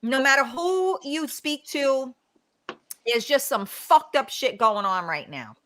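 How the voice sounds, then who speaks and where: A woman's voice: sits high, lively intonation, slow pace, fairly bright tone, slight background noise. A woman hosting a live talk show over a video call, speaking with a regional American accent. She talks bluntly, swears freely and giggles between lines.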